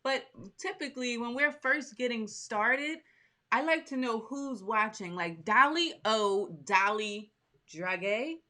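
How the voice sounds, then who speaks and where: A woman's voice: fairly high pitch, animated, takes it slowly, pushed and bright. Chatty woman hosting a live stream. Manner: chatty, upbeat, talks straight to her audience. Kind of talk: live stream chat greeting viewers.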